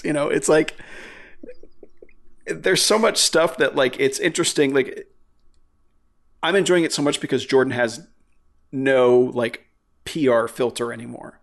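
A man's voice: mid-range voice, fairly even intonation, moderate pace, long pauses. Guy rambling on a podcast, swears a lot, tons of likes and you knows. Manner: rambling, swears freely, many fillers. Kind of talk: casual chat.

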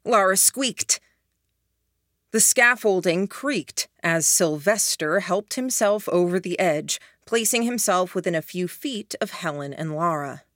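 A woman narrating an audiobook in a hushed, even reading voice. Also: fairly low pitch, unhurried, dry recording, clean studio sound. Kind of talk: scripted narration.

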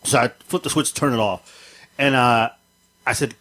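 A man's voice: mid-range voice, moderate pace. A man telling a story in casual chat on a podcast, acting out the people in it with a raised voice. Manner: animated, acts out the people in his story with a raised voice.

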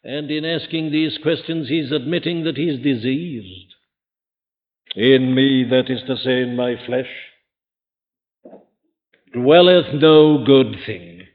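Older preacher in a tinny hall recording. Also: male voice, medium pitch, slow, long pauses. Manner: earnest, rhetorical questioning, swings between loud and quiet. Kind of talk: sermon. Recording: tinny phone-like archive recording in a large hall.

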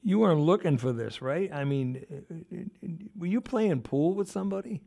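A man's voice: on the high side, lively intonation, normal speed, creaky, mellow. A man hosting a radio interview, asking conversational questions with plenty of fillers. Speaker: radio host. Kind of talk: casual interview.

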